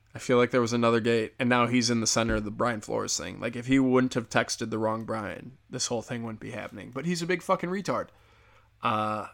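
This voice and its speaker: On his own show, a man delivers a casual solo rant, blunt, profane and sarcastic, rambling from point to point with restarts. His voice is mid-range and a bit bright.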